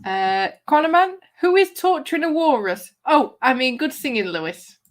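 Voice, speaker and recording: A woman's voice: high voice, very animated, normal speed. A woman hosting a casual livestream, chatty and giggly as she reads viewers' comments aloud. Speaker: livestream host reading chat. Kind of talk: casual live-stream chat.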